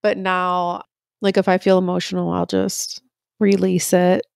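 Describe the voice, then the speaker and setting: A woman's voice: on the low side, monotone, unhurried, gravelly, darkish tone, smooth, dry recording, clean studio sound. A woman co-hosting a podcast, speaking in a reflective way and calling herself stoic. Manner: reflective, self-described stoic. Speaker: podcast co-host. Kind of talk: casual podcast conversation.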